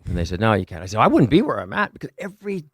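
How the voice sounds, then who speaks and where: Man, low voice, quick talker, rambling storyteller, dry studio sound. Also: huge pitch swings, breathy edge, no room sound. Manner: rambling storyteller, swears freely. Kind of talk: casual chat.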